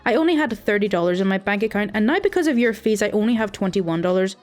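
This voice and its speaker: A woman's voice: medium pitch, very animated, quick pace, darkish tone, soft background music, lightly acted. A woman voicing an indignant elderly man who argues with his bank over fees, in a storytime reading. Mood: angry. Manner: indignant, stubborn and accusing.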